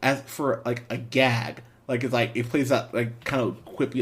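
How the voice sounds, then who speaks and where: A man's voice: high voice, a little fast. A man hosting a podcast, giving a casual, rambling movie review with frequent laughs and restarts. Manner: rambling, animated, laughs often, fillers and restarts.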